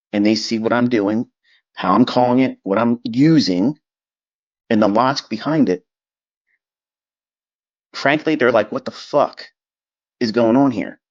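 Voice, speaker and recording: A man's voice: medium pitch, lively intonation, unhurried, long pauses, no room sound, lo-fi sound. A man giving a blunt, lecture-style talk on trading, dismissive of critics, swearing and repeating himself. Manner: mimics critics in quoted asides. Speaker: trading educator.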